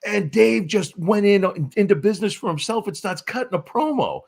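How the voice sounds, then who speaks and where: A man's voice: normal speed, gravelly, slightly rough. A man with a New England accent telling wrestling stories as a guest in casual chat, acting out quotes in voices. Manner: animated, acts out quotes with high-pitched voices. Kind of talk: casual storytelling.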